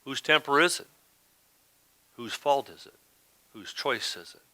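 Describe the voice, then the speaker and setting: A man's voice: medium pitch, lively intonation, unhurried, sharp tone, no echo. A man preaching a sermon as pastor, talking in a conversational way and often asking "right?".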